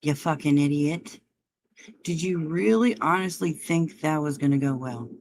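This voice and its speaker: Slow-talking taunting woman livestreamer. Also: low-pitched, a little mellow, slight background noise. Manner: taunting, profane, mocking. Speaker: livestream host. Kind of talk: heated livestream argument.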